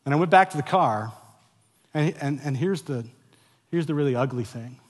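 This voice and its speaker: A man's voice: on the high side, expressive, normal speed. Preaching man in a reverberant hall. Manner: confessional storytelling rising to loud, emphatic preaching; frequent stumbles and repeated words. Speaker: pastor. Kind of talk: sermon. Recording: long reverb of a large hall.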